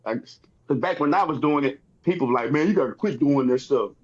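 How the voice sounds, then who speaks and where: Texan guy, slightly raspy, animated storytelling, kinda dull muffled sound. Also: medium pitch, brisk. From Texas. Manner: animated, acts out other people's lines in his stories. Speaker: comedian guest. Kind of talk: storytelling in casual chat.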